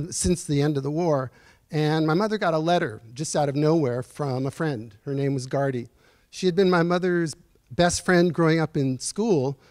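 A man in his sixties giving a personal storytelling lecture in a university auditorium, earnest and reflective, pausing as he speaks. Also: a little high, darkish tone, dry recording. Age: 60s. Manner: earnest, reflective, halting with pauses. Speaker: guest speaker at a lecture series.

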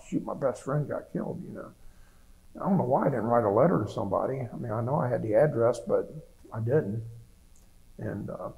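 Older guy with a gravelly voice, telling old army stories, rambly, lots of restarts. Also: medium pitch, a little mellow, poor audio. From United States. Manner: rambling, plainspoken storytelling with many restarts. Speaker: veteran interviewee. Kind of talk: oral history recollection.

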